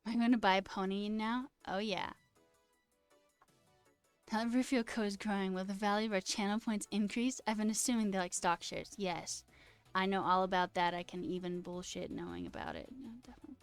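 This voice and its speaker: A woman's voice: mid-range voice, brisk, smooth, faint music behind. A woman streamer chatting casually and reading out viewer questions, candid and self-deprecating, swearing freely. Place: home streaming setup.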